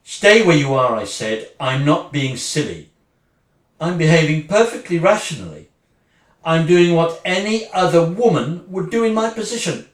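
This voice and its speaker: A woman's voice: sits low, expressive, normal speed. A woman acting a sarcastic, wounded wife who is leaving her husband, speaking one side of a phone call in a dramatic monologue. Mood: bitter sarcasm. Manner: sarcastic, swinging between mocking and furious. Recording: roomy, distant mic.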